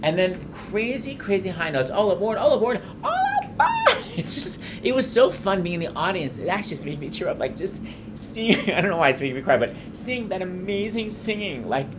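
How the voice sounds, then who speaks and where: A man hosting a commentary on a musical, effusive and excitable, rambling with fillers as he explains what he loves. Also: a little high, noisy background. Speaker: show host explaining a musical. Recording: voice-over over loud show music. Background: loud cast recording and orchestra.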